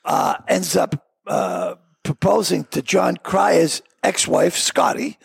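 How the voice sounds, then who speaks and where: A man with a Boston accent, a comedian guest telling stories in a casual interview, animated and prone to stammered restarts. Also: high-pitched, takes it slowly, creaky, slightly rough, dry recording, studio quality. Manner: animated storyteller who stammers on restarts and acts out quotes.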